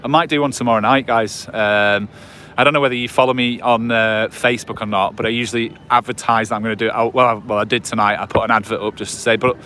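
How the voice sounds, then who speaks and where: A mid-range, fairly even voice, quick, bright and forceful, comes with a little hiss or hum. It belongs to an Englishman in his forties livestreaming from a night-time promenade on a phone on a gimbal, rambling casually with viewers and using lots of fillers and restarts.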